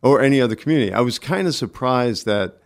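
A man with a New York accent, a guest on a casual radio interview, talking in halting bursts with many restarts. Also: medium pitch, animated, gravelly. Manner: halting, restarts often, friendly. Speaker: community organizer guest.

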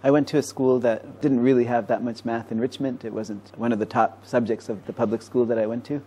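A man's voice: mid-range voice, little pitch movement, warm tone, husky. A man, a mathematician and professor, explaining ideas in a conversational interview with a patient, teacherly manner. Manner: explanatory, teacherly, quick-paced.

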